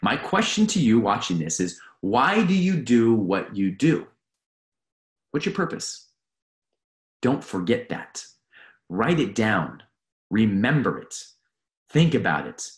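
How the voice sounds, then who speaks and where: Earnest male performance coach, animated delivery, roomy echoey sound. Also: lowish voice, slow pace, long pauses. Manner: earnest, emphatic, repeats key phrases. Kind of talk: motivational talk. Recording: roomy echo.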